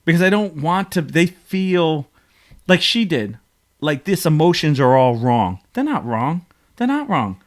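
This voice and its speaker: A man's voice: fairly high pitch, sing-song, measured pace. A man hosting a podcast, telling stories in an emotional, rambling casual chat. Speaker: podcast host.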